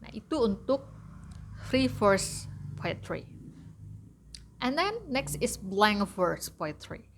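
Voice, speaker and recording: Indonesian-accented woman lecturer, slow and deliberate, code-switching, hesitant fillers. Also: mid-range voice, very animated, a little hiss or hum. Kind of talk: university lecture on poetry.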